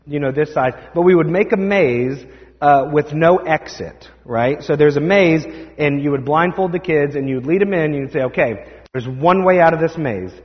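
A man's voice: a little high, moderate pace. Man, pastor, conversational sermon, long church reverb, dull sound. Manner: conversational storytelling, animated quoting. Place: church sanctuary.

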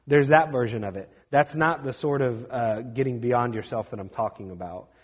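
A young man preaching a sermon as a pastor, conversational and self-deprecating, with quick asides. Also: mid-range voice, breathy edge, in a large hall, dull audio.

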